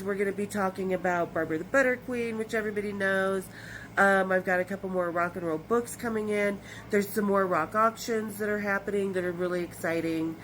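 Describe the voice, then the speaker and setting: Older woman, sixties, podcast host, casual rambling chat, occasional swearing, mid-pitched voice. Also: a little hiss or hum, poor audio. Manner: chatty and rambling, with swearing and bursts of brighter energy. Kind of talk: casual direct-to-camera chat.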